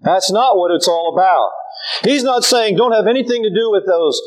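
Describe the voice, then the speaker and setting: High-voiced animated older male preacher. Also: normal speed, poor audio. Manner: animated, folksy storytelling with humor. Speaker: pastor. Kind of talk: sermon.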